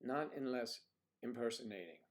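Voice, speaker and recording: Chatty older Southern man, throat clearing. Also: mid-range voice, lively intonation, moderate pace. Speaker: livestream host. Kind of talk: casual livestream chat reading viewer comments.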